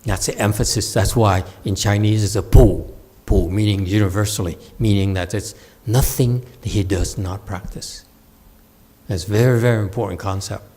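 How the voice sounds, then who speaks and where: A man giving a Buddhist Dharma lecture, halting with fillers, often checking that listeners follow and teasing them now and then. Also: on the low side, steady tone, dark tone. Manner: slow, halting with many fillers, asks listeners to confirm; playful teasing asides to the audience. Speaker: Buddhist teacher. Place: meditation center hall.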